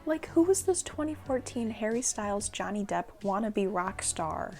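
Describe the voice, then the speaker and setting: A young adult woman telling a personal story in an animated, dramatic vlog style. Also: mid-range voice, normal speed, faint music behind. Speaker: vlogger.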